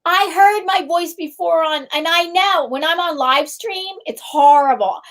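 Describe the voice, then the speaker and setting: A woman's voice: very high voice, a little slow, a bit bright. A middle-aged woman hosting a livestream, chatting casually and telling rambling stories, raising her voice when heated. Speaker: livestream host. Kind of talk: casual chat.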